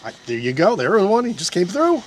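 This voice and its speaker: A man's voice: sits high, huge pitch swings, fairly quick, a little hiss or hum. Chatty man hosting outdoors. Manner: chatty, rambling with restarts and asides to viewers. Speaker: paranormal investigator host. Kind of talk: casual on-camera commentary. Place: outdoors in a historic park field.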